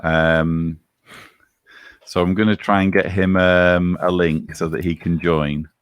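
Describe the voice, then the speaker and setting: A man's voice: sits low, little pitch movement, slow pace, smooth, dry recording. A man from England with a Manchester accent hosting a casual livestream chat with dry, self-mocking humor. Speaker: livestream host.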